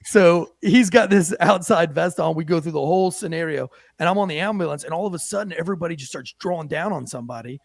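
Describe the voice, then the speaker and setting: A man's voice: a little high, quick pace, creaky, few pauses, no echo. A man who co-hosts the show and serves as a police officer, telling a story with brash, profane energy and acting out the people he quotes. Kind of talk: animated storytelling.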